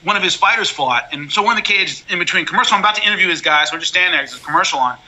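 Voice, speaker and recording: Fast-talking bright-voiced man. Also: high-pitched, low-quality recording. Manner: blunt, animated storytelling with frequent restarts. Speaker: MMA color commentator, guest. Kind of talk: casual interview chat.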